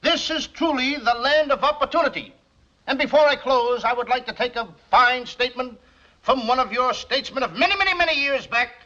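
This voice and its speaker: A man's voice: very high-pitched, sharp tone. An actor playing a flustered, stammering man making a speech, in 1940s film comedy acting on a dull, faintly noisy old film soundtrack. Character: bumbling nervous American man giving a speech. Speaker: speech-giving pupil.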